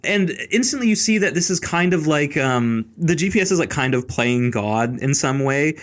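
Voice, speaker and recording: Man, slightly high voice, casual podcast chat, blunt and profane, mocking impressions. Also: lively intonation, normal speed. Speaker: podcast host.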